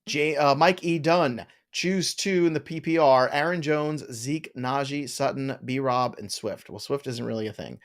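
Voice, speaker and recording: Joking middle-aged man hosting a live Q&A. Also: medium pitch. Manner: reads viewer questions aloud, jokey and quick. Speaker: fantasy football show host. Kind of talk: live Q&A chat.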